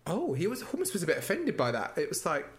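A man's voice: a little high, fast, a crowd in the background. A man co-hosting a podcast, telling stories in casual chat, acting out quotes and laughing. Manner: animated storyteller, acts out quotes, laughs. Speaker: podcast co-host. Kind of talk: casual chat recapping a TV show.

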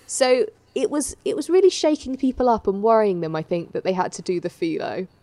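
A woman's voice: mid-range voice, very animated, a little fast, dark tone. A woman co-hosting a podcast, chatting casually about a baking show in a rambling way with frequent ums. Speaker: podcast co-host.

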